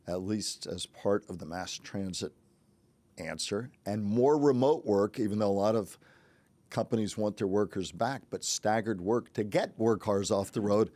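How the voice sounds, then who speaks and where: A man hosting a casual podcast, teasing his co-host in quick-witted banter. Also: lowish voice, a little mellow, no room sound. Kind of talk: casual conversational chat.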